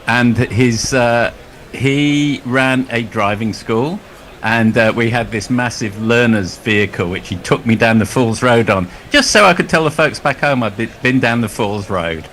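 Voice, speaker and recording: A man's voice: lowish voice, normal speed, fairly bright tone. A man chatting in a cricket commentary box, wry and telling a short anecdote.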